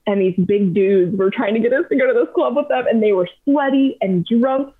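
A young adult woman guesting on a podcast, telling travel stories in an animated, chatty way with plenty of fillers. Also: a little high, a little fast, breathy edge. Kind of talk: casual storytelling chat. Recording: tinny phone-like sound.

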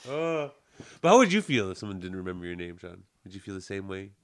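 A man's voice: low-pitched, very animated, quick pace. A young man, a podcast co-host, in loose, joking casual chat, often calling people "man" and "bro".

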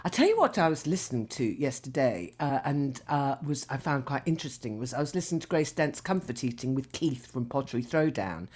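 An older woman in her sixties with a low voice, co-hosting a podcast. She chats casually and warmly hesitates, padding her sentences with ums and restarts. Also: big pitch swings, a little fast, hardly any pauses, husky. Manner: chatty, hesitant, with many fillers. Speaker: podcast co-host. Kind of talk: casual chat.

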